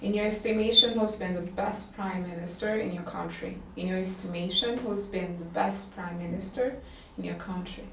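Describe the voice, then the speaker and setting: A woman teaching one-on-one, patiently repeating words and questions slowly for her student. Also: mid-range voice, steady tone. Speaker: English tutor. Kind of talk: one-on-one language lesson. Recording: roomy echo, distant from the mic, faint background hiss.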